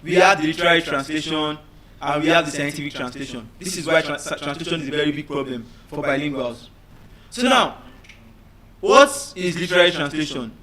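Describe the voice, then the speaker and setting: High, bright-voiced male teacher. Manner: deliberate, repeats words to drill students, checks understanding. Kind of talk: classroom lecture.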